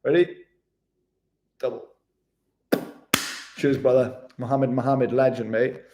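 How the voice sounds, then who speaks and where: A man's voice: mid-range voice, little pitch movement, takes it slowly, dark tone. A man chatting casually with viewers on a live stream, laid-back and matey, calling everyone mate. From Wales. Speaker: travel vlogger hosting a live stream.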